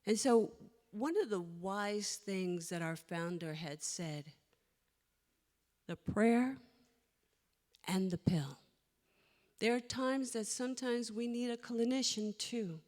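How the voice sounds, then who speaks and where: A woman minister giving a sermon, telling a story with emotion and dropping to soft whispers at times. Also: medium pitch, unhurried, few pauses. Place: church sanctuary. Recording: long hall reverb.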